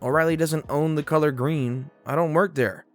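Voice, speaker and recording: Male storyteller, fairly high voice, lively sarcastic read of internet stories over faint music. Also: normal speed. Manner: animated, sarcastic commentary between stories. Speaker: narrator. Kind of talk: reading reddit stories aloud.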